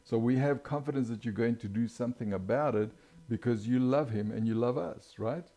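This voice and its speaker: A man preaching a sermon, walking through scripture verse by verse, slowing down and swelling his voice on quoted lines and checking in with "right?". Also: mid-range voice, dark tone. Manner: expounds scripture verse by verse, frequent "right?" and "watch this".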